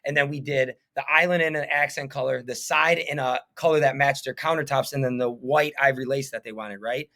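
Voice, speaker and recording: A man's voice: mid-range voice, steady tone, a little fast, few pauses, sharp tone. A man in his thirties, a painting business owner, talking as a podcast guest in an earnest, rambling way full of fillers. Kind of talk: casual interview chat.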